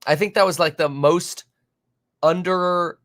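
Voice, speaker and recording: A man hosting a live market stream, reading viewer comments aloud and reacting in an animated, exasperated, rambling way with many fillers. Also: high voice, a little slow. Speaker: market livestream host.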